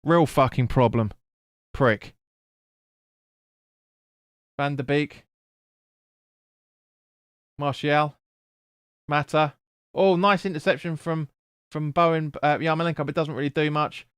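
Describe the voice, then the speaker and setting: A man's voice: a little high, fairly even intonation, measured pace, long pauses, fairly bright tone, clear, resonant tone, no echo, clean studio sound. A man streaming a football watch-along, calling the play and answering chat bluntly with swearing. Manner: blunt, sweary, chatty with viewers. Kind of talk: live match commentary and chat reading.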